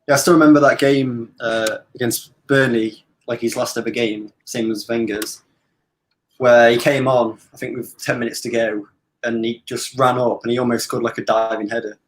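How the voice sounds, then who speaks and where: A man in a casual football chat, telling stories in a relaxed, chatty way. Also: mid-range voice, normal speed, slight background noise. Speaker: guest on a watch-along.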